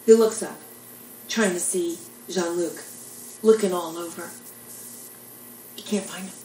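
A woman's voice: on the low side, steady tone, a little slow, a little mellow, reverberant, distant mic, slight background noise, rough recording. An older woman telling jokes and rambling stories in a chatty, self-deprecating way. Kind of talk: casual storytelling monologue.

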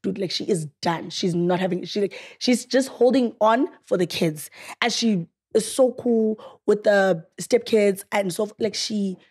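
A young woman with a South African accent, hosting a podcast in casual chat and retelling a story with lively quoted lines. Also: medium pitch, unhurried, husky. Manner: animated storytelling, acting out quotes. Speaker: podcast host.

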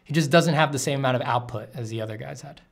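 A man's voice: medium pitch, quick pace, gravelly, husky. Candid rambling male artist streamer. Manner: candid, rambling, restarts and swears casually. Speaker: artist streaming while drawing. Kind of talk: casual livestream chat answering chat questions.

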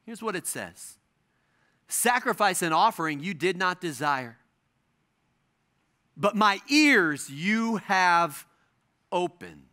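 A middle-aged male pastor preaching a sermon, stressing his points with repetition and dramatic pauses. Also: high voice, lively intonation, pushed and bright.

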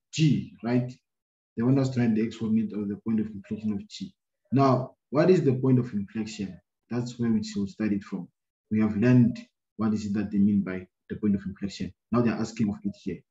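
A man teaching a maths lesson, talking his way through a graph problem out loud, with many fillers and a habit of checking "right?" after each step. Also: mid-range voice. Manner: thinking aloud, many fillers and repeated "right?". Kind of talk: screen-recorded maths lesson. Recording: roomy, dull lo-fi sound.

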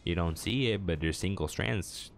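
A man's voice: low voice, normal speed, creaky, a little hiss or hum. A young man commentating his own video game match at home, self-mocking and talking to his opponents. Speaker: gaming channel host.

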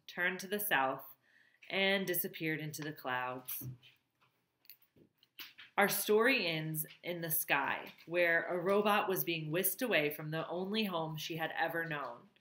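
Woman reader, lowish voice, expressive storybook reading, roomy echo. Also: unhurried. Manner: expressive, warmly emotional reading. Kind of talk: reading a children's novel aloud.

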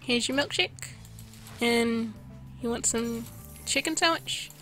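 A woman's voice: on the high side, takes it slowly, sharp tone. A woman giving casual let's-play commentary, chatting to game customers as she fills their orders, her voice a little worn. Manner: chatty, reads out orders to customers while playing. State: losing her voice. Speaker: gameplay video host. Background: game music.

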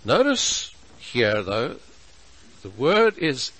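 A man preaching a sermon as pastor, measured and emphatic, stretching out his key words. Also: mid-range voice, wildly swooping pitch, fairly bright tone, husky, rough recording. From South Africa.

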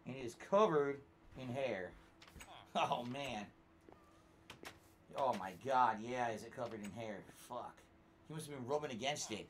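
A man hosting his own livestream in casual chat, animated and talkative, jumping from loud outbursts to low grumbles. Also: measured pace, long pauses, a little hiss or hum. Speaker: livestream host.

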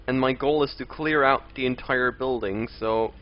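At normal speed and in a mid-range voice, a young man streams a game live, chatty with viewers, reading out and answering chat, and erupting in exasperation at enemies. The stream audio is dull and lo-fi, with faint game music.

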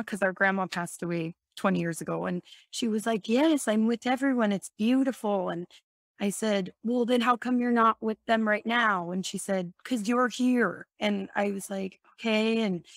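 A woman's voice: mid-range voice, a bit bright, dry recording. Guest, woman, earnest storyteller, dry close sound. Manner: earnest, vivid retelling with quoted dialogue. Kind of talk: emotional personal storytelling.

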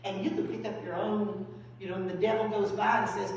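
A woman's voice: little pitch movement, brisk, darkish tone. Female pastor, folksy storytelling sermon; recorded far off in a roomy church hall with a faint hum. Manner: storytelling, acts out phone calls and quotes in a high voice. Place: church sanctuary.

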